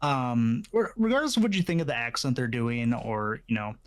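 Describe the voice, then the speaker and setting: A man in casual podcast chat, explaining his views in a measured way with many fillers. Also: mid-range voice, animated. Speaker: podcast co-host.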